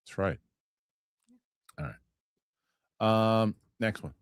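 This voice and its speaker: A man hosting a casual chat show, reading viewer comments aloud in a lively, swearing, quick-talking way. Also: fairly low pitch, clean tone, dry recording, studio quality. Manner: animated, swearing, quick asides. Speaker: show host.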